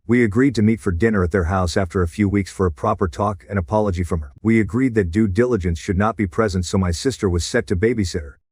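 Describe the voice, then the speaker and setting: A man narrating a reddit story as a scripted read, with a steady, even delivery. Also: fairly low pitch, slightly rough, no room sound, clean studio sound.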